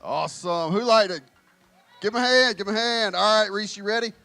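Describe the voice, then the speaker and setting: A man leading a children's church session in a large indoor room, calling out to the kids loudly and with energy on a handheld microphone. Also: sits high, a little fast, creaky, no room sound, faint music behind. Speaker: children's ministry leader.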